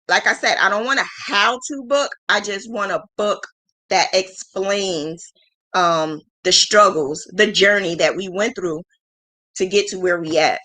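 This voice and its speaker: Chatting casually on her livestream, this thirtysomething host talks frankly and at length, laughing a lot and making fun of herself. She has a medium-pitched voice with a sharp tone.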